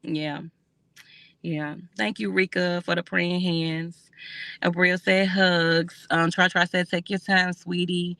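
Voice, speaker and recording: A woman, hosting a casual livestream and answering viewer comments in a soft, conversational way. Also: fairly low pitch, flat delivery, slow, dry recording. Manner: reads out comments and answers them warmly, with fillers. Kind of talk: casual emotional livestream chat.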